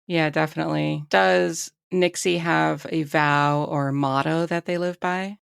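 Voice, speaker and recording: A woman's voice: sits low, fairly even intonation, unhurried, vocal fry, smooth, no echo, clean studio sound. A woman hosting a podcast, asking friendly questions in a casual interview.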